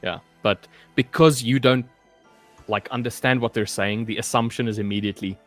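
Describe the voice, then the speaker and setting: A man's voice: medium pitch, steady tone, moderate pace, dry recording, soft background music. A man joining a casual live-stream chat with dry, teasing remarks. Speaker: co-host.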